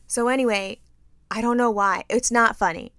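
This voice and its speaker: Bright-voiced woman telling a story, crisp and dry. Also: on the high side, normal speed, no room sound. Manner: animated, profane storytelling with acted-out quotes. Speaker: podcast co-host. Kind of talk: casual chat, storytelling.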